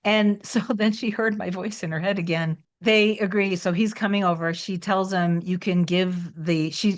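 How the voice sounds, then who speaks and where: Chatty woman coach, slightly low voice. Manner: chatty, with frequent "like" fillers. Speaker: manifestation coach. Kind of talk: casual storytelling about a client.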